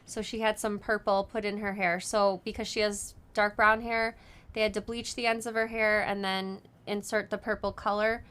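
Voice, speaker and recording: A woman's voice: medium pitch, level tone, normal speed, fairly bright tone, clean tone. A woman hosting a casual live show, chatting with lots of ums and easy laughter. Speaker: host of a sewing live show. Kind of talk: casual live-stream chat.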